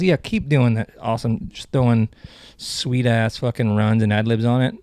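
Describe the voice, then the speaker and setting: A man's voice: mid-range voice, fairly even intonation, fairly quick, darkish tone, no echo. A man hosting a comedy podcast, rambling through jokes and cutting himself off mid-sentence. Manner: rambling, self-interrupting, joking. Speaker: podcast host.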